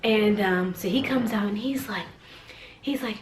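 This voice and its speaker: A woman's voice: mid-range voice, normal speed, a little hiss or hum. Chatty woman in an echoey room. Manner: chatty, many fillers, animated retelling. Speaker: vlogger, mother. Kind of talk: casual storytime.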